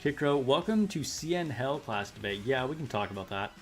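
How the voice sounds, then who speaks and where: A man's voice: mid-range voice, expressive, fairly quick. A man casually chatting on his livestream, rambling and joking, laughing at himself. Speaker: streamer. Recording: faint background music.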